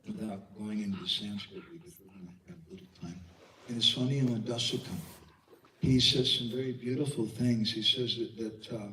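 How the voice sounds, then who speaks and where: A man's voice: fairly low pitch, moderate pace, bright, forceful tone, echoey room, recorded from a distance, rough recording. A man giving a devotional lecture, telling stories with quoted voices and asking rhetorical questions. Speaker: Vaishnava speaker giving a class.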